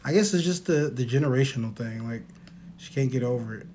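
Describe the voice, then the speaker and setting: A mid-pitched podcast host tells rambling, funny stories in casual chat, laughing often and swearing, slipping into imitations of other people. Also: a little fast, warm tone, a little hiss or hum.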